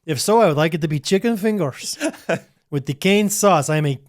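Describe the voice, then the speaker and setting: A man's voice: fairly high pitch, expressive. A man co-hosting a podcast, joking playfully in casual chat. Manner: playful, jokey, quick to laugh. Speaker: podcast co-host.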